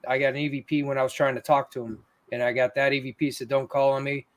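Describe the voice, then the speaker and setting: A man's voice: mid-range voice, flat delivery, fast talker. A man in casual conversation, earnestly telling stories from his ghost investigations. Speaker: paranormal investigator. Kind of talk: casual chat.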